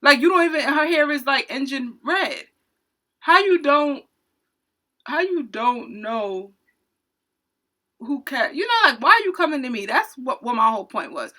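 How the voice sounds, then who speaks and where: A woman who works as a retail cashier, telling a story from her job in an indignant, animated storytime rant. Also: sits high, a little slow, pauses often.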